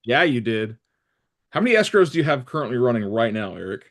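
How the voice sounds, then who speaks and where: Guy running a morning team call from home, jokey and upbeat, mid pitched voice. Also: very animated, brisk. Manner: joking, teasing, upbeat. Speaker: host of a morning team meeting. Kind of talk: casual team call chat. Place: home, working remotely.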